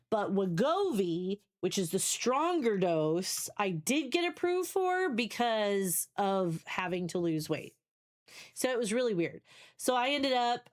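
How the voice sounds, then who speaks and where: A woman in her forties streaming live, talking casually in a mid-pitched voice. She is candid and rambling, often restarting sentences as she thinks aloud. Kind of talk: casual chat.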